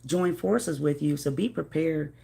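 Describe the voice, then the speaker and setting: Low gravelly woman reading tarot. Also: unhurried, warm tone. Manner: chatty, affectionate, greets viewers by name. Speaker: tarot reader. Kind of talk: casual live tarot reading.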